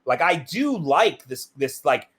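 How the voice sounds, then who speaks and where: A man's voice: fairly high pitch, very animated, unhurried, fairly bright tone, husky. A middle-aged man giving an interview, talking intensely and emphatically, often checking in with "right?". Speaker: interview guest, BASE jumper. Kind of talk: reflective interview talk.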